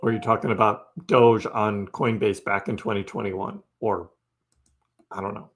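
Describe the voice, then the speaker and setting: Here a man with a lowish voice that barely moves in pitch talks a little slowly. Hosting a casual crypto stream, he's laid-back and talkative, laughs frequently, and answers chat members by name.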